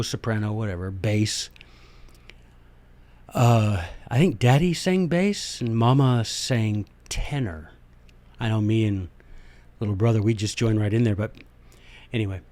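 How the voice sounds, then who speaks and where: A man hosting a podcast, giving a casual, animated lecture on history and politics and slipping into little skits. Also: medium pitch, no room sound. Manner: animated, folksy, acts out little skits in voices. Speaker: podcast host.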